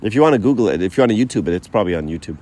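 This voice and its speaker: Man, very low voice, casual teaching talk to a group, acts out quotes, checks in with "right?". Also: expressive, very fast, darkish tone, a little hiss or hum. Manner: conversational, many fillers and asides like "right?"; tells stories by acting out quotes. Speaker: speaker giving a faith talk.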